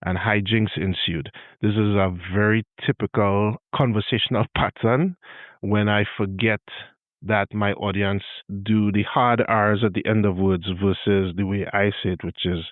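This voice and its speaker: A man with a Trinidadian accent hosts a podcast lesson. He talks in a good-humored, easy way and slows down to show how words sound. His voice sits on the low side. The recording is dry and tinny, like a phone line. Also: fairly even intonation, dry recording. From Trinidad and Tobago. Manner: good-humored, spells out sounds slowly to demonstrate. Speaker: podcast host. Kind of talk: explanatory monologue, tutorial.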